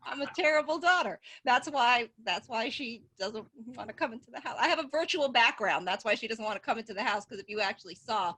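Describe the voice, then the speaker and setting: Woman comic on a video call from home, bright voice, kinda high, animated. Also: fairly quick, a little hiss or hum. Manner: animated storytelling, laughs at own jokes. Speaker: stand-up comedian. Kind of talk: stand-up set.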